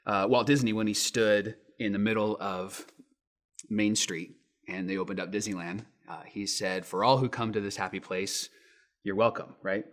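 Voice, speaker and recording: Guy pastor in his 30s preaching, tells stories, does the voices loud. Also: fairly low pitch, normal speed. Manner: animated storytelling, acts out quotes in raised voices. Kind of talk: sermon.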